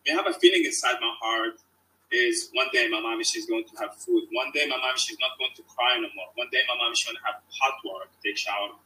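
A man's voice: mid-range voice, brisk, sharp tone, recorded from a distance, low-quality recording. A man from Tunisia with a Tunisian accent, telling his life story as an interview guest in emphatic, broken English that repeats its phrases.

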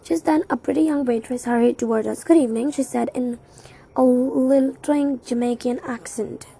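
Gravelly woman reading a mystery aloud. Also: high voice, fairly even intonation, moderate pace, dark tone, rough recording. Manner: unpolished read with slips and restarts. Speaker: reader.

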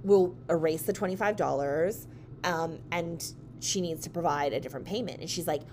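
A woman's voice: low-pitched, normal speed, a little hiss or hum. A woman who owns a dance studio, telling a story in a casual chat and acting out the voices of the people she quotes. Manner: animated, acts out quoted voices.

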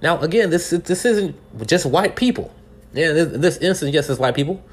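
A man's voice: a little high, animated, moderate pace, husky. A man from California giving casual news commentary, speaking earnestly and putting rhetorical questions straight to the listener, with many restarts and repeated words. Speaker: podcast commentator.

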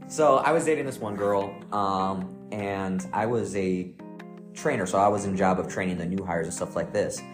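A man's voice: low-pitched, moderate pace, music in the background. A young man co-hosting a podcast, telling a story in a casual, jokey way and laughing often. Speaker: podcast co-host.

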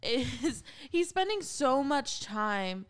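A woman's voice: sits high, very animated, slow pace. A young woman co-hosting a casual podcast, teasing and laughing often as she mocks a film. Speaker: podcast co-host.

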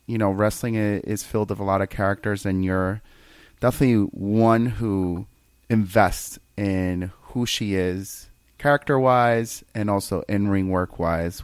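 A man's voice: fairly low pitch, fairly even intonation, unhurried, clean tone, no echo, clean studio sound. A man hosting a podcast interview, speaking earnestly and supportively to his guest. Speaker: podcast host.

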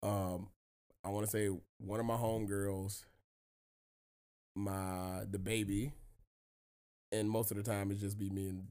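A man's voice: fairly low pitch, little pitch movement, measured pace, long pauses, mellow, clear, resonant tone. A man hosting a podcast, telling stories in casual, profane chat and laughing often. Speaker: podcast host.

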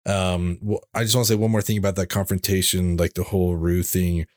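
A man co-hosting a podcast in casual chat, relaxed and enthusiastic, leaning on fillers. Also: low-pitched, brisk, no room sound, clean studio sound. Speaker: podcast co-host.

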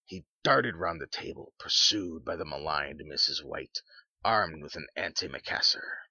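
A man narrating a storybook in measured reading. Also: a bass voice, animated, pushed and bright, slightly rough, no echo. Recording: dull lo-fi sound.

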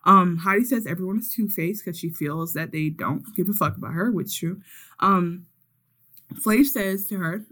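Woman, lowish voice, casual podcast chat, animated, acts out quotes. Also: moderate pace. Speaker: podcast co-host.

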